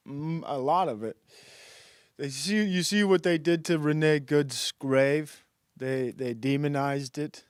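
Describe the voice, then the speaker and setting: A man's voice: fairly high pitch, a little mellow, smooth, dry recording, studio quality. A man hosting a stream, delivering a rambling, mocking comedic monologue as he reacts to videos and laughs at his own jokes. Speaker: streamer host.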